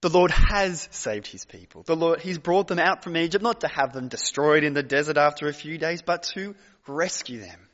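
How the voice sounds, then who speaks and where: A man preaching a sermon as pastor, emphatic, with dramatic pauses and repeated phrases, in a large hall. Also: a little high, a bit bright. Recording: dull recording with long hall reverb.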